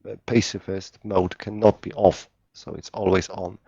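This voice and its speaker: Man, low voice, halting, searching for words, casual chat, dry dull lo-fi sound. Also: little pitch movement, dark tone, husky, no echo.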